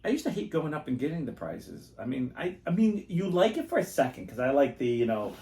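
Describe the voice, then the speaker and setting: A man chats on a podcast in an easygoing, animated way. He tells stories and playfully imitates the people in them. His middle-pitched voice carries a roomy echo. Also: a little fast, vocal fry, far from the mic. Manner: animated storyteller who acts out quoted voices. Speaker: podcast host. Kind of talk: casual podcast chat.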